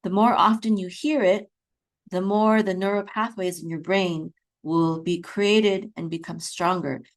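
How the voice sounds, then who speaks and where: A woman's voice: lowish voice, fairly even intonation. A woman teaching beginners to read Hebrew, patiently sounding out words and checking in often. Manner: patient, repeats words slowly, chants trope melodies; frequent checking "okay?" with fillers. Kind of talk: beginner lesson, slow patient explanation.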